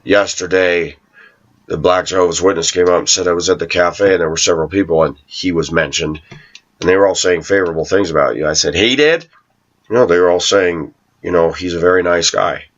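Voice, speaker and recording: Here the man's voice is low and brisk, and the audio sounds dull. He's a YouTube host delivering a casual monologue to camera, full of sarcastic, meandering tales about his job.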